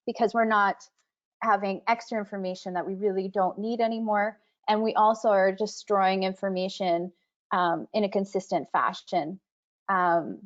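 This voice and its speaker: Woman speaking on a muffled video call. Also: mid-range voice. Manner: conversational, many fillers and restarts. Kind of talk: webinar panel talk.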